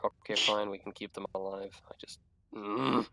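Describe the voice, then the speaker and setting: A man's voice: fairly low pitch, steady tone, moderate pace, creaky, pushed and bright, no echo, rough recording. A man playing a tabletop game, joking around and musing aloud over his choices, with casual swearing. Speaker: player.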